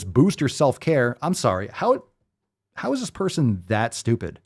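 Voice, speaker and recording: Sarcastic man with a lively voice. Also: mid-range voice, a little slow, husky. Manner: sarcastic, mocking, emphatic. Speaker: podcast host. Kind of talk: profane commentary reading posts aloud.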